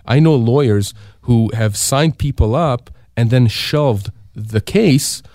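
This middle-aged Canadian lawyer, who handles disability insurance, speaks slowly in a warm, mid-range voice as a radio talk show guest. He gives emphatic advice, driving points home with repeated rhetorical questions. The studio-quality audio has no room sound.

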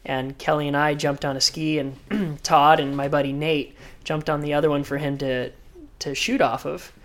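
A man, a professional surfer, telling animated stories full of surf slang as a podcast guest. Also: a little high, normal speed. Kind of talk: podcast interview storytelling.

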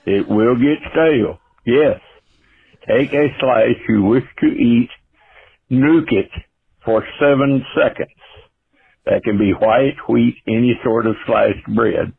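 Gravelly old Texan man on a phone line. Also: medium pitch, no room sound. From Texas. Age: older. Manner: blunt, folksy. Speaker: caller. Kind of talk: voicemail call-in.

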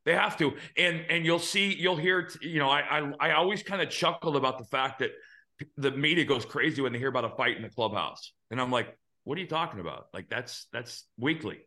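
A man in his fifties hosting a podcast, telling earnest, animated stories in a casual chat and swearing now and then. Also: a little high, brisk. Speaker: podcast host.

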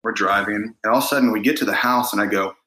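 A middle-aged man with a fairly low voice and a bright, forceful edge tells a story on a podcast, acting out the voices in it. The sound is roomy, with noticeable echo. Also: rapid-fire. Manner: animated storyteller, acts out quoted voices. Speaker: guest singer-songwriter. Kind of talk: casual interview storytelling.

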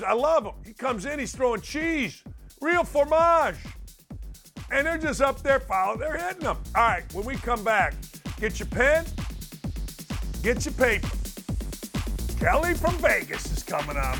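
A middle-aged man hosting a sports talk show, loudly ranting and fired up with his opinions. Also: very high voice, gravelly.

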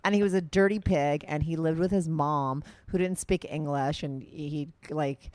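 A woman's voice: low voice, moderate pace, darkish tone, dry recording, studio quality. A young woman hosting a podcast in casual chat, candid and rambling, with lots of "like" fillers. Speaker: podcast host.

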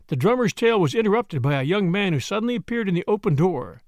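A man reading a story aloud in an expressive, varied narration. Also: high voice, fast talker, hardly any pauses, dry recording, clean studio sound.

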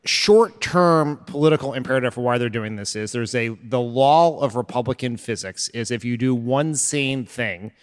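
A man co-hosting a live political podcast, explaining strategy in a quick, analytical way. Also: mid-range voice, smooth, big-room sound. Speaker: podcast co-host. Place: live stage before an audience.

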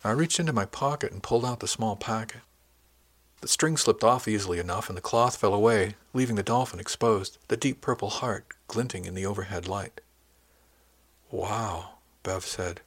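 A man narrating a first-person audiobook in a calm, even storytelling manner. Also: fairly low pitch, fairly quick, slightly rough.

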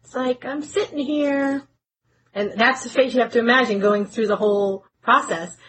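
A woman's voice: medium pitch, fairly even intonation, a little fast, fairly bright tone, slight background noise, poor audio. A woman co-hosting a casual chat, often agreeing and adding her own thoughts. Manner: supportive, frequent agreeing interjections. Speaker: podcast co-host.

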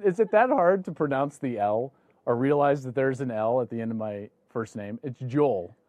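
A man's voice: mid-range voice, animated, moderate pace, a little mellow, dry recording. A man hosting a sports talk show, ranting with mock indignation at viewer comments and bantering with his guest.

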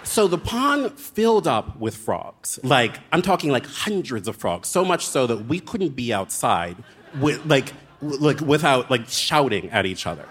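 A man telling a dramatic, comic story as a guest author on a live show, with quick asides. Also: mid-range voice, very animated, a bit bright, husky.

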